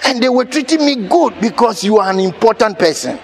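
A man preaching a sermon, telling a personal story with animated laughter and sudden shouted lines. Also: high voice, a little fast, slight background noise.

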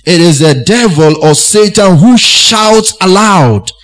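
Man, preacher, sermon, slow pace, higher voice, repeats points for emphasis. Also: animated, fairly bright tone, low-quality recording.

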